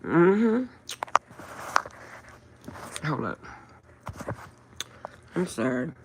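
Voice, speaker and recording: An older woman hosting a casual livestream from her phone, telling stories in a chatty, animated way. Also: lowish voice, very noisy. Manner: chatty, animated storytelling, drawn-out asides. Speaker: livestream host.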